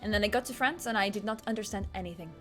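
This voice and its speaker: A woman's voice: medium pitch, rapid-fire, over music. A woman chatting as a guest, bubbly and eager, tossing in foreign phrases. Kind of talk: casual video-call chat.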